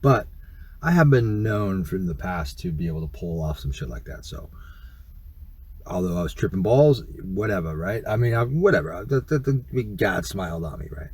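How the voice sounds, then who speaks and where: A man's voice: low voice, very animated, moderate pace, darkish tone, slightly rough. A middle-aged man telling a story casually to camera in a rambling, profane way full of fillers. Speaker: YouTuber.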